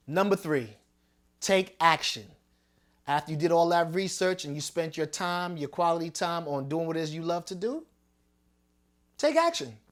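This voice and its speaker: A male radio host giving a motivational talk, stressing and repeating each point like a coach. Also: fairly high pitch.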